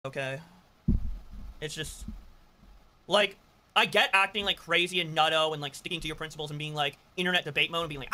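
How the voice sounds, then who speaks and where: A man's voice: on the high side, fairly quick, pauses often, bright, forceful tone. A man in a played clip, commenting with rambling, hedging talk and many fillers.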